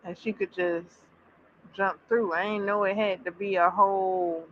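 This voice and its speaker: A woman chatting casually on a livestream, reacting with bursts of excitement and drawn-out exclamations. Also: medium pitch. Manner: animated, exclaiming, drawn-out repeats. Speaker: streamer reacting to a series. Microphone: streaming mic. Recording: slightly dull audio with faint background noise.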